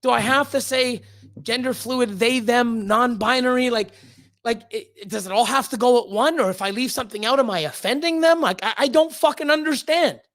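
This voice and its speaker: A woman's voice: on the high side, brisk, a bit bright. A woman streamer ranting casually to her chat, swearing constantly and stumbling over her words as she gets worked up. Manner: swears constantly, stammers and restarts when worked up. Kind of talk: heated casual rant.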